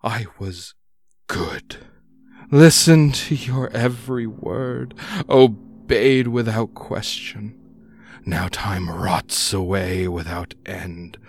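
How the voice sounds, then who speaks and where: A man voicing an ancient, abandoned lake monster that pleads in a quavering voice, rising to loud wails. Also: on the low side, slow, gravelly, a little hiss or hum. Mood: mournful pleading.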